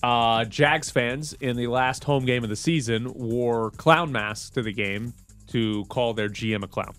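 A man's voice: mid-range voice, clean tone, faint music behind. A man hosting a sports radio show, chatting casually and joking about football news. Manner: quick, joking, animated.

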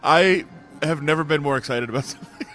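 A man co-hosting a sports radio show, excitable and quick to laugh as he tells stories. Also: fairly high pitch, soft background music. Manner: excitable, laughs often, storytelling. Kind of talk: casual sports talk.

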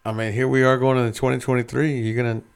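A man co-hosting a podcast, swearing freely as he rambles through a story. His voice has a gravelly, creaky texture at an ordinary middle pitch. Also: level tone, fast talker. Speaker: podcast co-host. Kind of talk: casual chat.

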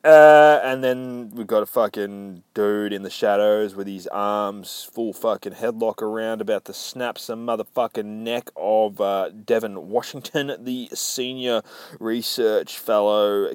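A man's voice: on the low side, slow pace, clean tone, dry recording. A man casually recapping a comic book aloud, rambling with profane, self-mocking asides.

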